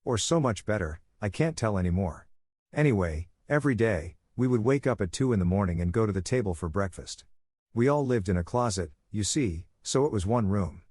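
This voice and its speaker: Low-voiced man reading stories aloud. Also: animated, brisk, darkish tone, husky, no echo, clean studio sound. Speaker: narrator of online stories. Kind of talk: read-aloud story narration.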